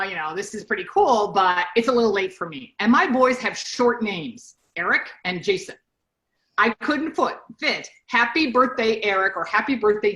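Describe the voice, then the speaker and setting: A woman's voice: mid-range voice, poor audio. A middle-aged woman giving a casual training talk to her sales team, chatty and full of stories and asides. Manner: chatty, animated storytelling with asides.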